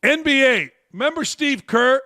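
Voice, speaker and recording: A middle-aged American man hosting a sports talk show, ranting bluntly and profanely with sudden shouted outbursts. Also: very high voice, expressive, normal speed, no room sound, studio quality. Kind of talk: opinionated sports rant.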